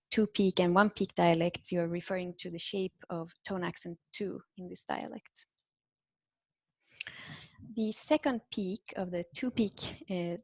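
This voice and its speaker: Swedish-born woman lecturing, lowish voice, dry close sound, calm and methodical. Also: no echo. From Sweden. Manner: measured, methodical explaining with fillers. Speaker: guest lecturer. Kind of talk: academic lecture.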